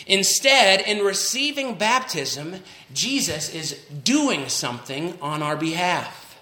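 A man delivering a sermon from the pulpit in a bright, somewhat high voice. He speaks in a measured, emphatic way and slows on the phrases he wants to land. The sound carries the echo of a church room. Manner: measured preaching with emphatic slowing on key phrases. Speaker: pastor.

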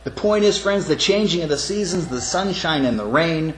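A man's voice: fairly high pitch, lively intonation, normal speed. A man preaching a sermon in an earnest manner, often calling his listeners friends. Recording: echoey room with faint background noise.

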